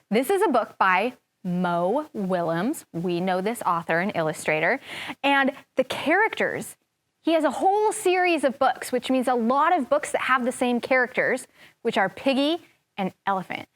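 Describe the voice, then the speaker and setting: A woman teacher giving a lively lesson to young children on TV, acting things out expressively. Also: mid-range voice, measured pace. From US Pacific Northwest. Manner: animated, expressive, acts out feelings. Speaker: kindergarten TV teacher.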